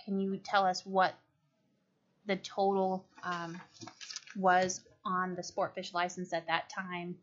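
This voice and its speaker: A woman's voice: lowish voice, flat delivery, slow. A woman chairing a legislative committee hearing, formal and procedural as she calls on members and questions a witness. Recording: muffled lo-fi hearing audio.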